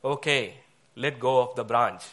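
A man voicing God as a calm, patient voice giving instructions. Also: medium pitch, a little slow, lightly acted. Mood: instructive.

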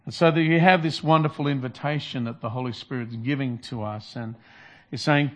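A man's voice: mid-range voice, fairly quick, dull audio. A man preaching a sermon in an earnest, repetitive style, restarting phrases as he builds his points. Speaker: pastor.

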